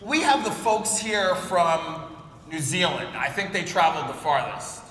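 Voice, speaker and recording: A man's voice: on the high side, expressive, a little slow, bright, forceful tone, a little hiss or hum. Storytelling man in an echoey hall. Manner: storytelling, jokey, works the crowd. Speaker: keynote speaker. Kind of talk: conference keynote talk. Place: large conference hall.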